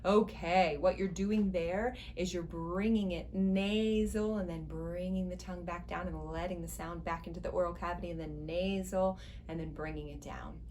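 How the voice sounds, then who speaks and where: A woman's voice: fairly low pitch, fairly even intonation, normal speed, few pauses, a little mellow, slight background noise. A woman voice teacher giving an instructional singing lesson, guiding step by step with encouragement.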